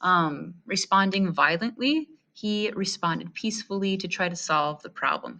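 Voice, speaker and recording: A woman's voice: lowish voice, lively intonation, normal speed, hardly any pauses, bright, forceful tone. A woman teacher reading a history text aloud and stopping to comment, asking her listeners rhetorical questions in a friendly way. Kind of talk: read-aloud history lesson.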